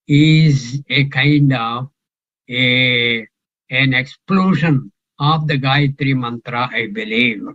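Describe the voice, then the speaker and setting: Slow-speaking older man teaching scripture. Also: mid-range voice, lo-fi sound. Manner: slow, musing, quizzes the class. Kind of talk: scripture class, question and answer.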